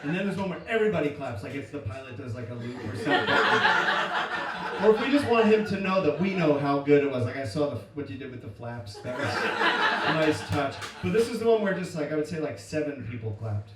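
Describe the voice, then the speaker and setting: A man's voice: fairly high pitch, big pitch swings, fairly quick. A man doing a playful, self-deprecating stand-up comedy set on stage, laughing often. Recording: echoey live room from a distance, loud noise.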